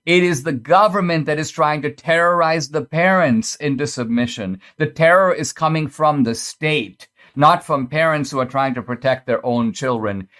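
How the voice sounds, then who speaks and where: A man's voice: a little high, normal speed, few pauses, fairly bright tone. A man hosting a podcast, delivering a political commentary monologue in an emphatic, pointed and sarcastic manner. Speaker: podcast host.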